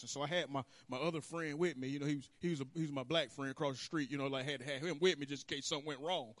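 A man preaching a sermon, telling his own story with animated swings between hushed and loud. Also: a little high, fast, hardly any pauses, dry recording. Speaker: pastor. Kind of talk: sermon testimony. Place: church sanctuary.

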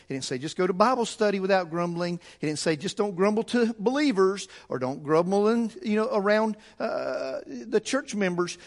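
A high-pitched man preaches in a church. He hammers his points home through repetition, and his voice rises and swells as the sermon builds. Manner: fervent, repetitive preaching with rising emphasis. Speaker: pastor. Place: church sanctuary.

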